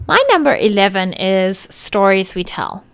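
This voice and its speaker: Female podcast co-host, casual film chat, playful and teasing, mid pitch. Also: lively intonation, a little slow, smooth.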